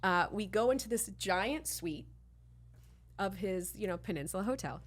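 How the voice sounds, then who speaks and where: A woman podcast host from Miami telling a candid anecdote, rambling and animated, full of "like" and restarts, blunt and profane. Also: mid-range voice, normal speed. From Miami, Florida.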